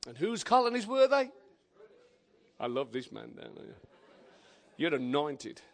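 An older man with an English accent, preaching a lively, joking sermon in a church. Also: fairly high pitch, measured pace, gravelly. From England. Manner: exuberant, shouting praise, joking with the congregation. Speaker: visiting preacher.

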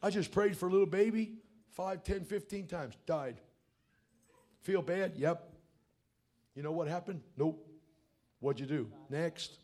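A middle-aged male preacher with a high-pitched voice. He talks in blunt, folksy phrases and swings between hushed, close asides and sudden shouts. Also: measured pace, long pauses. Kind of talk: revival sermon.

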